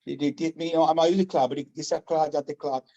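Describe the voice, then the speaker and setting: A man with a Vincentian accent, from Saint Vincent, chatting casually as a guest, animated, proud and fast-talking. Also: on the high side, lo-fi sound. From Saint Vincent and the Grenadines. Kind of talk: casual chat.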